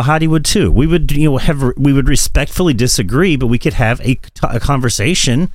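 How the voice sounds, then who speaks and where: A man co-hosting a podcast in casual political chat, profane and animated, often laughing. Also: medium pitch, brisk, few pauses, no room sound. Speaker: podcast co-host.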